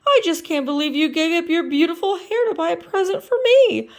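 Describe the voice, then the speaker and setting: A woman's voice: very high-pitched, animated, a little fast, pitched above the performer's own voice. A woman voicing an earnest, flustered male frog who stammers eagerly.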